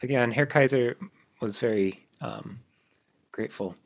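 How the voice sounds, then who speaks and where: A man hosting a casual podcast, reading his own poems aloud in a halting way, self-deprecating and quick to laugh. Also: mid-range voice. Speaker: podcast host.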